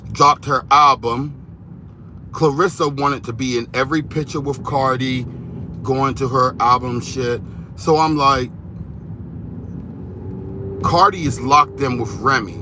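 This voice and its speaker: Male commentator, slow, rambling and animated, with a sharp bright tone; faint car noise. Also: medium pitch. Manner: animated, rambling, repeats words. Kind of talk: casual gossip commentary.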